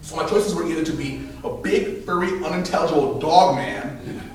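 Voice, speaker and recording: A man in his thirties tells a personal story live at an open mic, animated, acting out voices and laughing between lines. His fairly high voice comes from a distant mic in a very echoey room. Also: moderate pace. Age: 30s.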